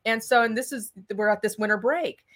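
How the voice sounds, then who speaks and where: A middle-aged woman telling her story in a podcast interview, her voice pitched a little above the usual. She is animated and acts out every exchange in quoted dialogue. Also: brisk. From California. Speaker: political candidate guest.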